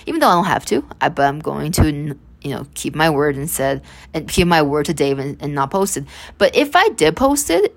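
This is a young woman with a low voice, hosting her own podcast. She tells a story in a loose, chatty way and keeps rambling into asides and restarting her sentences. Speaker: podcast host. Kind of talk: casual storytelling monologue.

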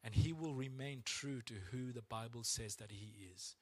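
A man preaching a sermon as pastor, acting out complaints to God in a raised, strained voice. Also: normal speed. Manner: animated, acts out complaints to God in a high strained voice.

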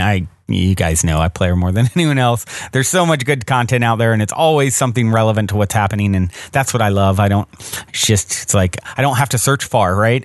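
A man's voice: on the low side, no echo, clean studio sound. A man hosting a podcast, commenting casually and thinking aloud with lots of fillers. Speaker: podcast host.

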